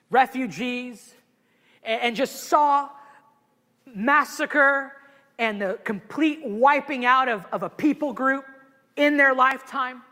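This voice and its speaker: Male pastor, very high and bright voice, emotional sermon delivery, church hall reverb. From immigrated to the US at twelve. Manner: emotional, animated preaching with many restarts. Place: church sanctuary.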